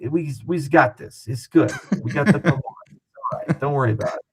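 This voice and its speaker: A man speaking as an interview guest, talking fast and animated in a casual, profane way. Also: a little high, slight background noise, low-quality recording.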